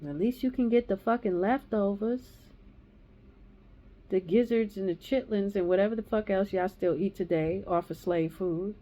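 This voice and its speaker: A woman's voice: mid-range voice, moderate pace, mellow. A woman in her thirties or forties giving a raw, angry personal testimony, ranting and swearing heavily. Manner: heated, profane ranting. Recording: dull lo-fi recording.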